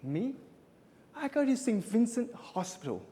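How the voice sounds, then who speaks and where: A man's voice: extremely high pitch, very animated, unhurried, mellow, slight background noise. A man giving a humorous stage speech at a contest, punchy and self-mocking with tight comic timing. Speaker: contest speaker. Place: stage in a conference hall. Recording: echoey hall.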